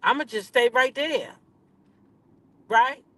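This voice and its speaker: A woman's voice: on the high side, animated, a little slow, a bit bright. A woman hosting a casual gossip commentary, talking in a sassy, emphatic way and repeating her points for effect. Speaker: commentary channel host.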